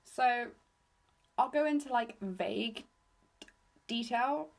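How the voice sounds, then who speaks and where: A young woman from England with a slightly raspy voice, hosting a solo podcast into her phone in a rambling, self-deprecating chat. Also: a little high, slow pace. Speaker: podcast host.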